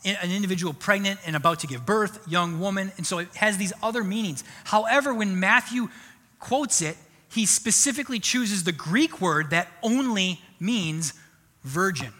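Man, pastor, sermon, high voice, lively conversational preaching, long hall reverb. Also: normal speed. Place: church sanctuary.

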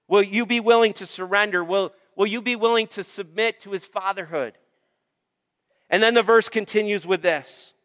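A man's voice: sits high, a little slow, sharp tone, long reverb tail. A man preaching a sermon as pastor, emphatic and repetitive, calling on the congregation for amens. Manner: emphatic, repeats phrases, calls for amens.

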